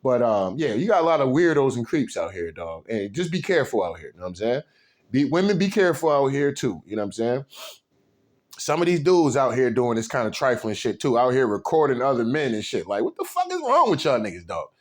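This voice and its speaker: A man ranting on camera in a profane, animated way, with constant slang fillers, indignant outbursts and low muttered asides. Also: fairly quick. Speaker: video commentator. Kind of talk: unscripted rant to camera.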